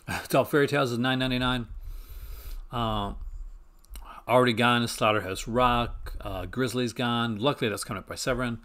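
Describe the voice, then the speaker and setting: Male host, mid pitch, casual and rambling, enthusiastic, keeps restarting sentences, home setup. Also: moderate pace, pauses often, a bit bright. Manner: rambling, self-correcting, enthusiastic. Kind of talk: casual chat.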